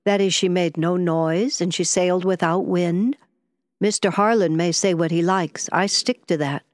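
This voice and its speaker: A woman voicing a gruff older yacht captain who speaks in a stern, deliberate way, in audiobook narration. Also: lowish voice, fairly even intonation, no room sound, studio quality, natural voice. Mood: perplexed. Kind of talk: audiobook character voice.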